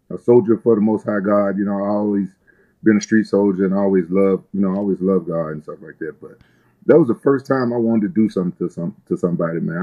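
Low-voiced American man telling stories. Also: warm tone, dull audio. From United States. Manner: profane, laid-back, rambling with many restarts. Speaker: guest fighter. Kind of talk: casual interview storytelling.

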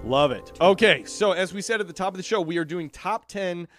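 A man's voice: high voice, animated, fairly quick, fairly bright tone, faint music behind. A man from Chicago co-hosting a podcast in casual chat, upbeat and leading the segments. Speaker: podcast co-host.

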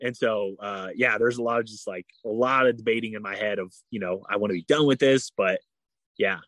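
A man telling a story in a casual interview, animated and full of "like", acting out what people said. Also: fairly low pitch, a little fast, no room sound. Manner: animated, heavy use of "like", acts out quoted dialogue. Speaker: guest.

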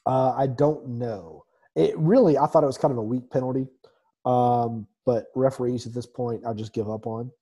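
A man's voice: mid-range voice, fairly even intonation, moderate pace, warm tone, slightly rough. A man hosting a casual soccer podcast, reading through the night's results with lots of ums and a dry, sarcastic edge. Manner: reads scores with many fillers, dry sarcasm. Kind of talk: casual sports talk.

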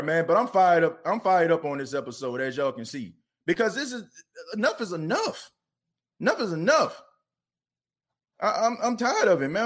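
A man's voice: a little high, a bit bright. A man hosting a sports podcast, ranting with passion and repeating himself. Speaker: podcast host. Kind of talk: fired-up sports podcast rant.

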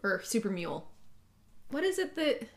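A woman co-hosting a casual podcast, reacting with playful jokes and quick laughter. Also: fairly high pitch, sing-song. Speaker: podcast co-host.

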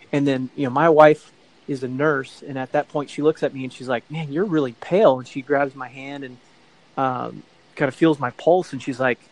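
A man's voice: medium pitch, no room sound, low-quality recording. Middle-aged male guest, rambling casual storyteller, mid-range voice. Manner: rambling, self-correcting storyteller who acts out quoted voices. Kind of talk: casual anecdote telling.

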